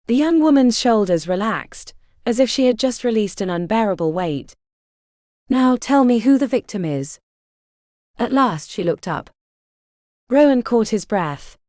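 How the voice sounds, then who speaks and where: A woman reads a historical romance aloud, measured and deliberate. Her voice is mellow and warm in tone with a lively, wide-ranging pitch. Dry, close recording. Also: no room sound. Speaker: audiobook narrator. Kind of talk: scripted audiobook narration.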